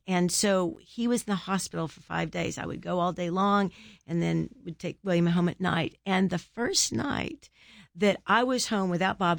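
A woman's voice: fairly low pitch, gravelly, no echo, clean studio sound. A middle-aged woman, an author guest, telling a personal faith story with earnest storytelling and preachy questions to listeners.

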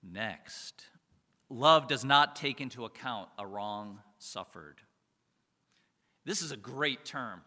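A man's voice: medium pitch, lively intonation, slow pace, pauses often, bright, forceful tone. A man giving a conversational sermon as a pastor, often chuckling and asking his listeners rhetorical questions. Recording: reverberant hall.

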